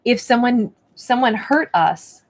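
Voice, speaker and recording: A woman's voice: a little high, expressive, slow, slight background noise. Woman doing a casual, rambling card reading. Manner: reflective and encouraging, loose with many fillers. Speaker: tarot and oracle card reader. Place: indoors at a table with her card decks.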